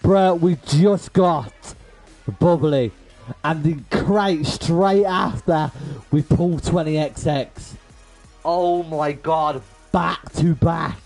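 A young man giving excitable commentary while opening game crates, shouting, laughing and swearing freely. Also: a little high, slow, soft background music, low-quality recording. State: out of breath from laughing. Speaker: gaming streamer.

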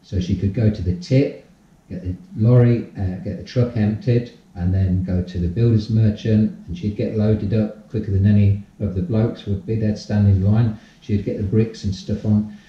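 An older man, a podcast guest telling his life story in a casual, animated way and acting out the dialogue. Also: fairly low pitch, moderate pace. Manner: animated storyteller, acts out dialogue, repeats phrases. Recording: distant, roomy, dull-sounding audio.

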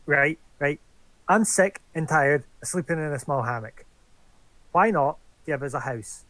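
A man voicing an excitable, scatterbrained adventurer who stumbles eagerly over his words. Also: on the high side, measured pace, no echo. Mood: excited.

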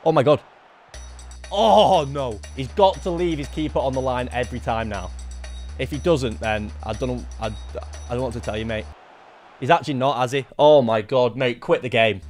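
A young man giving lively live commentary on his own gameplay, talking to himself and bursting into shouts. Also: medium pitch, moderate pace, faint music behind. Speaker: gaming YouTuber.

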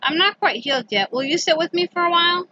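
A woman's voice: extremely high pitch, expressive, fast talker, pushed and bright, a little hiss or hum, voice pushed up, full character voice. A woman reading aloud the lines of a weary, injured father who ran off in a starship, in her own voice. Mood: somber. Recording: dull lo-fi with game music.

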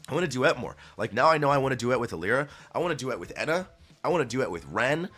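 A man streamer chatting casually to his viewers, earnest and gushing, swearing freely, his voice jumping up when excited. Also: mid-range voice, quick pace, faint music behind.

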